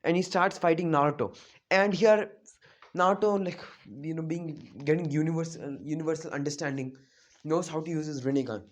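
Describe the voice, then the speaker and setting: A fan storyteller with a mid-range voice talks fairly quickly, casually narrating an anime what-if plot off the cuff. The telling rambles, full of fillers and self-corrections.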